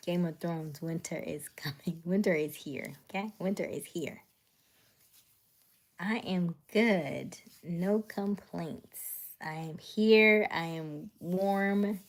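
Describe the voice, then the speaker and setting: A woman chatting on a late-night live stream, talking slowly and unhurriedly. She greets her viewers one by one and keeps slipping into a hushed, soft whisper. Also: fairly low pitch. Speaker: livestream host.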